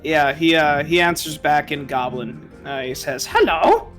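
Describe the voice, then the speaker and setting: A man narrating as game master of a tabletop game in an easygoing, unhurried way. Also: on the high side, steady tone, a bit bright, soft background music.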